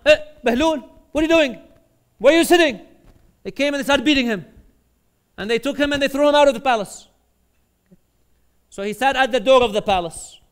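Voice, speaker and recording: Male imam, high-pitched, dramatic storyteller, big swings between loud peaks and hushed points. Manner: rises to loud, high-pitched bursts when telling stories, drops low and quiet for points. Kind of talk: sermon. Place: mosque.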